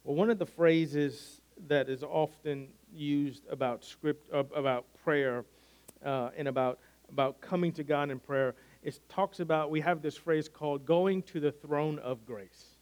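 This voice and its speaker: Male pastor, slightly higher voice, earnest conversational sermon delivery. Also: steady tone, unhurried, a little mellow. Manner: earnest, conversational preaching with frequent restarts.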